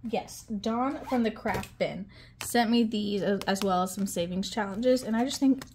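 A woman chats casually with her viewers as she counts out cash, mid-pitched and easygoing. She fills pauses with ums and reels off numbers aloud. A faint hiss sits under the voice. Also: darkish tone. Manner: chatty, counts money aloud, frequent ums. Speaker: budgeting vlogger.

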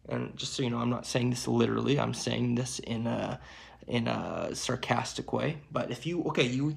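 Gravelly-voiced man preaching emphatically. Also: mid-range voice, normal speed. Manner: emphatic, preachy, keeps saying "okay" and "my friends". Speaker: channel host. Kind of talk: spiritual monologue.

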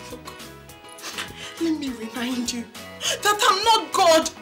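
A woman's voice: high voice, slow pace, over music. A woman with a Nigerian accent playing a desperate, emotional young woman pleading with her lover. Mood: defiant. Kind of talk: Nollywood film acting.

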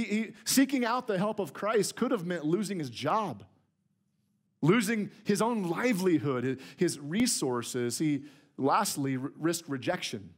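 A man with a high-pitched, husky voice preaches to his church from the sanctuary. His sermon is conversational and emphatic, and he tends to repeat words whenever he starts a phrase.

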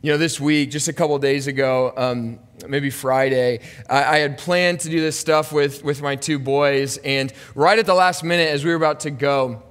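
A man's voice: on the high side, fairly even intonation, normal speed, hardly any pauses, a bit bright. Earnest man preaching in a reverberant church. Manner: earnest, confessional, builds to urgent emphasis. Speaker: pastor. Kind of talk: sermon. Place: church sanctuary. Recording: long hall reverb.

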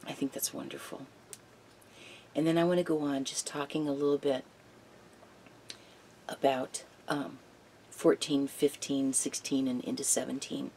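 A Bible study teacher retelling a story in an animated, storytelling manner that sinks to a hushed tone. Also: medium pitch, measured pace, long pauses, slight background noise. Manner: animated storytelling that drops to a hushed, near-whispered tone.

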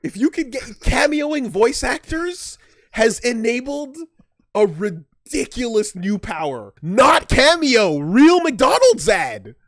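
A man's voice: very high-pitched, sing-song, slow pace, dry recording, clean studio sound. A man hosting a casual video reaction show, laid-back and swearing casually. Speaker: host.

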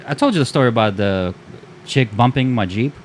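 A man with a mid-range voice talking very fast in relaxed podcast chat. He tells rambling stories full of fillers. A faint ambient hiss sits under the voice. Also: mid-range voice. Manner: quick, loose storytelling with filler words. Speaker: podcast co-host. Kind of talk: casual chat.

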